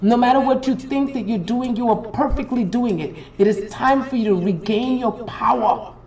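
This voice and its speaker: A woman's voice: fairly high pitch, moderate pace, a little mellow, low-quality recording. A woman hosting a live stream, giving an emphatic, preachy and profane motivational pep talk straight to her viewers. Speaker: spiritual reader and live-stream host.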